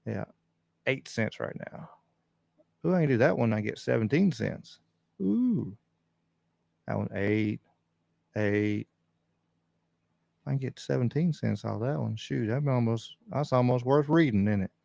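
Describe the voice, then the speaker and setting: Gravelly laid-back man on a podcast. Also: medium pitch, measured pace, pauses often, a little mellow, dry recording. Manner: rambling and laid-back, many fillers. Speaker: podcast host. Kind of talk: casual livestream chat. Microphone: desk mic on a stand.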